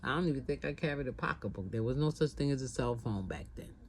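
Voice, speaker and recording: A woman's voice: rumbling low, expressive, quick pace, darkish tone, slight background noise, low-quality recording. A middle-aged woman, telling a personal story in a casual, conversational way, repeating phrases and acting out what people said. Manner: conversational, repeats herself, acts out quotes.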